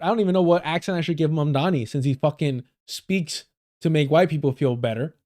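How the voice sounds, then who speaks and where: A man's voice: fairly high pitch, fast talker, darkish tone. A man giving profane, sarcastic political commentary on a livestream, reading news passages aloud and breaking into angry rants.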